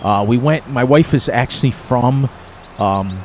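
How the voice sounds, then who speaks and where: An older man in his sixties, from the eastern United States, talks through a farming game in a loose, rambling way. His voice sits at a medium pitch, and he chuckles at his own jokes. Faint outdoor noise hums behind him. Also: a little slow, darkish tone. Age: 60s. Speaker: gaming streamer. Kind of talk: casual gameplay commentary.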